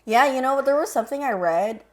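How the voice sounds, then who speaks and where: A woman's voice: sits high, animated, brisk. A young woman co-hosting a casual podcast chat, rambling and hesitant with lots of fillers. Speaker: podcast co-host.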